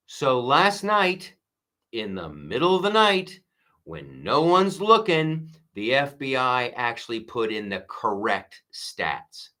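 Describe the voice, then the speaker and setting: A man's voice: mid-range voice, big pitch swings, slow, sharp tone. A man hosting a political commentary show, ranting with sarcasm and profanity and mocking his opponents in put-on voices. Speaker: show host.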